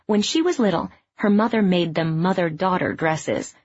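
A woman reading a novel aloud in scripted narration, even and measured. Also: on the low side, husky, no echo, lo-fi sound. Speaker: audiobook narrator.

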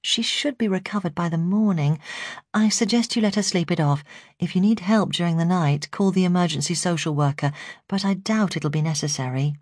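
A woman reading a memoir aloud, voicing a calm female social worker who gives measured advice. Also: on the low side, dry recording, studio quality, natural voice.

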